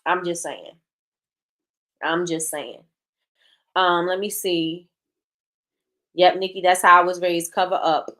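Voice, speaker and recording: A woman hosts a casual talk show, speaking in a lowish, slightly bright voice with fairly even intonation, slowly and with long pauses. Frank and blunt, she reads and answers live chat comments from viewers, repeating her points for emphasis.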